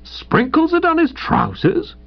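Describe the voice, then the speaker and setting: Man doing a big gruff blowhard producer, bellowing; lo-fi audiobook. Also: on the high side, big pitch swings, normal speed. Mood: blustering. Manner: bellowing and gruff, then deflated. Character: huge, blustering older male theatre producer. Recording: dull lo-fi audio.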